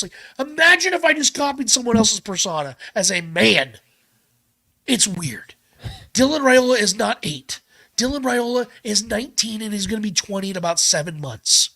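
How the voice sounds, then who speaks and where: Male podcast host, high bright voice, animated and profane rant delivery. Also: normal speed, creaky.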